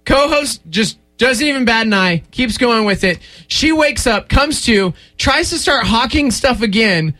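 Bright high-voiced morning radio man. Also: expressive, no room sound, studio quality. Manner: jokey, quick, laughs often. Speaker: radio morning show host. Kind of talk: casual studio banter. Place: radio studio. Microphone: studio microphone.

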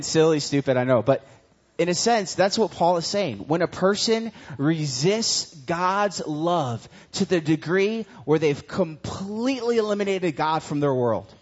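A man preaching a sermon in a casual, conversational way, telling stories with lively animation. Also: fairly high pitch. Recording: dull lo-fi recording.

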